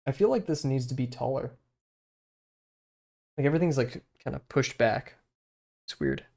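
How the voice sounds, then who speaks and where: A man's voice: mid-range voice, lively intonation, moderate pace, gravelly, darkish tone. Young man chatting while he draws. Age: young adult. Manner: rambling, many fillers, muttering while sketching. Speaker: streamer drawing live. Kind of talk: casual chat while drawing.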